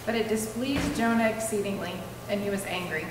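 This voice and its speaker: A woman reading a scripture passage aloud in a steady, measured way. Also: medium pitch. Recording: distant mic in an echoey hall with room noise.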